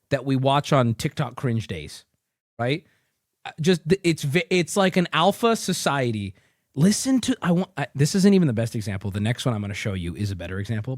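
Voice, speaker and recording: Brief: male streamer, incredulous ranting, lively pitch, dry close sound. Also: no room sound. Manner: incredulous ranting, swings up loud. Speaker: streamer reacting to clips. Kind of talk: profane reaction commentary.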